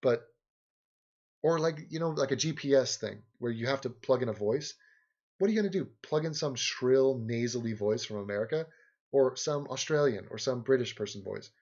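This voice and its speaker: A man's voice: mid-range voice, animated, moderate pace, darkish tone, highs cut off. A man hosting a livestream, rambling sarcastically in casual chat and game commentary, often laughing. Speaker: livestream host.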